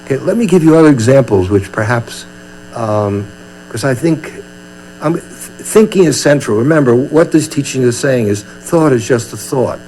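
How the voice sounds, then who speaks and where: With lively intonation and a darkish tone, this older Brooklyn-born meditation teacher speaks at normal speed and medium pitch. He delivers a chatty, funny dharma talk, acting out small scenes. The poor audio carries a faint mains hum.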